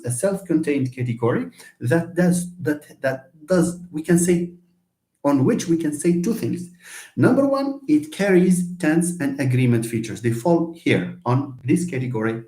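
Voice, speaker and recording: Male lecturer, mellow tone, hesitant with restarts, echoey room. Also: a little high. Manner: hesitant, many fillers and restarts, explanatory. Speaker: linguistics lecturer. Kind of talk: live online lecture on syntax.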